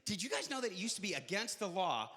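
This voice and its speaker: A man performing live stand-up comedy, telling animated stories and jumping into shouted character voices. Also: sits high, fast talker. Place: live venue with audience. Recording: echoey live hall.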